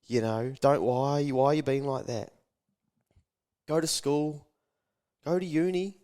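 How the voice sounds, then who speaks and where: A man voicing a condescending adult who scolds a dreamer to play it safe and get a steady job. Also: medium pitch, measured pace, natural voice. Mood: dismissive. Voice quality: nagging, dismissive.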